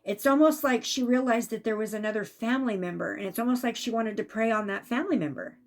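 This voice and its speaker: Chatty higher-voiced woman intuitive reader. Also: fast talker. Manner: chatty, animated when acting out spirits. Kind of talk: casual spiritual reading.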